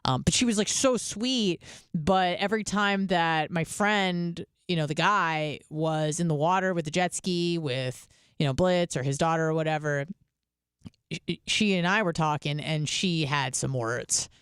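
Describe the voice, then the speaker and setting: Smooth-voiced woman telling a casual story. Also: deep voice, a little slow, no room sound, clean studio sound. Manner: chatty and candid, heavy on fillers, swears freely. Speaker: radio show host.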